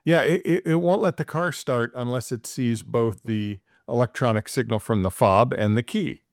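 A man's voice: mid-range voice, moderate pace, dry recording. Rambling man telling a story, dry mic. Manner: rambling storyteller, many fillers and restarts. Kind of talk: casual chat.

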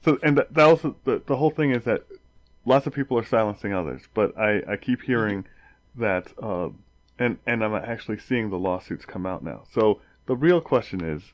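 A man's voice: fairly low pitch, animated, a little fast, no echo. A man in casual chat, arguing his point with stumbling restarts.

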